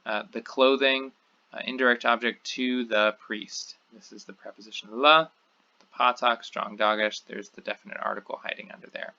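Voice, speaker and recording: Man, teacher, methodical lecture, very bright tone, dull lo-fi sound. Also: mid-range voice, fairly even intonation, normal speed. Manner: methodical, repeats key words and phrases. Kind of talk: recorded lecture. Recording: dull lo-fi recording.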